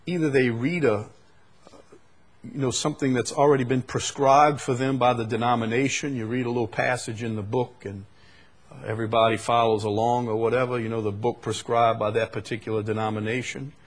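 A middle-aged male preacher giving a sermon, shifting from quiet musing to loud, emphatic outbursts. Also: mid-range voice, level tone, brisk.

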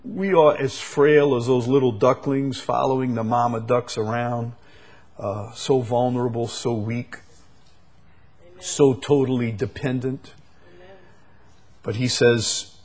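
A male preacher delivering a sermon slowly and emphatically, with sudden loud, high bursts and soft drops. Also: fairly even intonation.

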